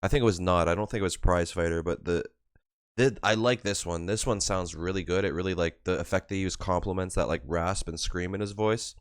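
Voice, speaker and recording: A young man with a very low voice gushes over a song he is hearing, his talk full of "like". He holds his voice down in a room at home, and the sound is close and dry with no room echo. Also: brisk. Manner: excitable, gushing, peppered with "like"; keeping voice down, hushed asides. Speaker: music reaction host. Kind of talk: music reaction commentary. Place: room at home, early morning, neighbor behind wall.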